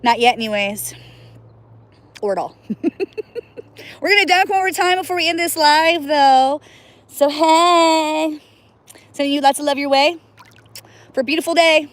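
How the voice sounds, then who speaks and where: A woman's voice: high-pitched, measured pace, pauses often. A woman casually chatting on a livestream from outdoors by cold water, playful and laughing often, whooping now and then. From US Northwest. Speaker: livestream host.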